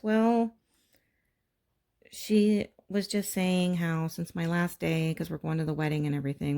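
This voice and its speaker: A woman's voice: low-pitched, vocal fry, warm tone. A middle-aged woman from Texas hosting a crafting video, telling family stories in a chatty way and acting out what everyone said. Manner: chatty storyteller, acts out family dialogue with raised voice. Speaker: crafting channel host. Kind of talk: casual chat while crafting. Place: home.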